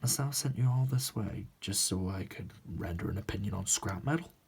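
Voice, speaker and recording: A man voicing a weary middle-aged deep-sea expert who talks bluntly and skeptically, as a whispered role-play. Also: expressive, moderate pace, vocal fry, darkish tone, husky, exaggerated voice.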